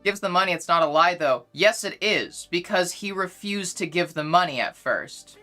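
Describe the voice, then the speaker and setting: A young woman streamer argues her point to chat in a casual livestream, repeating herself insistently. Her voice is bright and forceful. Faint music plays in the background. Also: lowish voice, expressive, normal speed.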